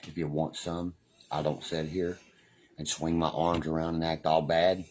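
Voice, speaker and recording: Deep-voiced West Virginia man ranting profanely. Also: little pitch movement, moderate pace, darkish tone, slight background noise. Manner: profane, boastful, keeps asking "you know what I mean". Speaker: live streamer. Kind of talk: casual ranting livestream.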